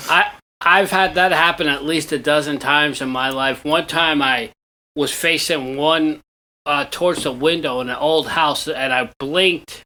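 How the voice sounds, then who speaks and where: Animated, bright-voiced storytelling man. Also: a little high, unhurried. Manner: animated storyteller, swears freely. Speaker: podcast co-host. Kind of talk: casual podcast chat.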